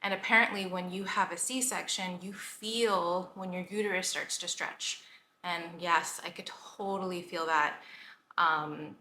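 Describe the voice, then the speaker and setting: This pregnancy vlog features a woman in her thirties, a health coach and vlogger, whose voice is on the low side and sounds pushed and bright. She talks casually, emotional and a bit short of breath, with plenty of filler "like"s, and the echoey room carries faint noise.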